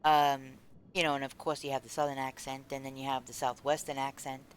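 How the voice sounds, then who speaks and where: A woman's voice: rumbling low, flat delivery, fairly quick, a little hiss or hum. A woman from the United States streaming a game, chatting casually and rambling as she answers her chat. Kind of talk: casual chat while gaming.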